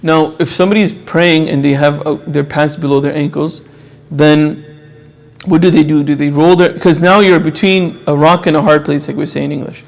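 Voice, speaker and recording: A man's voice: a little high, fairly even intonation, normal speed, gravelly. A man giving an impassioned religious lecture, repeating phrases for emphasis.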